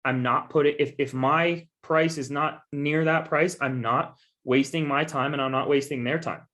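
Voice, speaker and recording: A man with a slightly high, somewhat bright voice and fairly even intonation speaks at a moderate pace. Presenting as a guest speaker on real estate investing, he coaches his audience casually, hammering home repeated assurances and addressing them directly as "guys."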